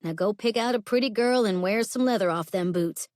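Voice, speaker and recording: A woman's voice: mid-range voice, a little fast, a little mellow, no room sound, clean studio sound, lightly acted. A woman voicing a blunt, sassy young bar owner who talks in a teasing, down-to-earth way.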